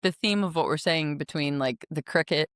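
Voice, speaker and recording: A woman's voice: low-pitched, moderate pace, no echo, studio quality. A woman hosting a podcast, talking in a chatty, rambling way and laughing easily. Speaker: podcast host. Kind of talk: casual interview chat.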